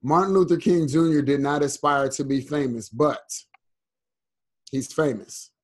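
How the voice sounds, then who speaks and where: A man's voice: on the high side, unhurried. A man as a guest on a casual podcast, speaking in a reflective, earnest way.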